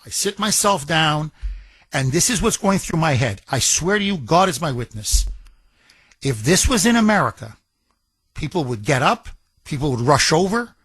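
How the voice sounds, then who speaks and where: Impassioned high-voiced male radio host. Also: a bit bright, husky, no echo. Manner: impassioned, emphatic, repeats phrases for effect. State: recovering from broken ribs. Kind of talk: talk radio monologue.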